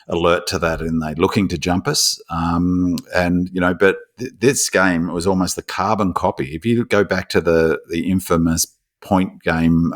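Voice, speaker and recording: Deep-voiced rambling Australian man. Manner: rambling, lots of restarts, animated when telling stories. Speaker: podcast co-host. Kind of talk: casual chat.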